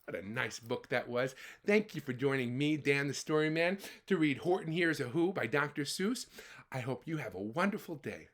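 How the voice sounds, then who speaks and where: A man reading a picture book aloud to children, animated and chatty between pages. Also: medium pitch, moderate pace. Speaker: storyteller.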